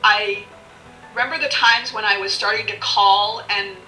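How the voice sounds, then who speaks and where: Bright-voiced, blunt storytelling woman. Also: mid-range voice, moderate pace. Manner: blunt and animated, swears freely, laughs often. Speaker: podcast guest. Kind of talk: candid personal storytelling. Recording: echoey room, distant mic, faint music.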